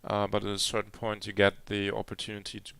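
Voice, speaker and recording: A man's voice: on the low side, monotone, quick pace, vocal fry, a bit bright, smooth, no echo. A man giving a live coding demo at a conference, talking hesitantly with many fillers and restarts. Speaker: conference speaker. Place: conference hall.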